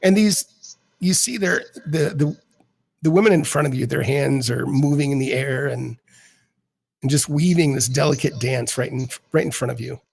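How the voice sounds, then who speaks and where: A man narrating as dungeon master of a tabletop game in a rambling, halting way. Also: mid-range voice, creaky, a little mellow, low-quality recording.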